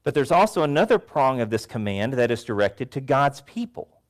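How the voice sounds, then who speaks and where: A man's voice: medium pitch, normal speed. A male pastor giving a sermon to a congregation, telling stories with animation. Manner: animated storytelling, acts out voices. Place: church before a congregation.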